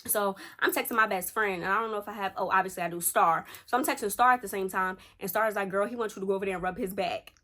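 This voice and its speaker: A woman's voice: medium pitch, quick pace, hardly any pauses. A young woman, chatting at home as a storytime vlogger and acting out the quotes of people in her story. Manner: chatty and animated, acts out quotes. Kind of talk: casual storytime chat.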